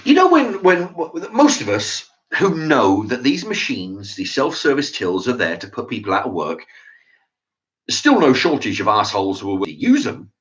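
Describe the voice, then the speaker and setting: A man's voice: mid-range voice, wildly swooping pitch, normal speed, fairly bright tone. A man ranting about a shop argument, swearing and acting out both sides of the exchange. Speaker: channel host. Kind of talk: ranting monologue. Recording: dull lo-fi sound.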